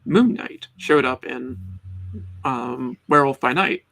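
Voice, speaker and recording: A middle-aged man from the Boston area hosting a casual live chat, laid-back, pausing on ums and chuckling often. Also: mid-range voice, vocal fry, a bit bright.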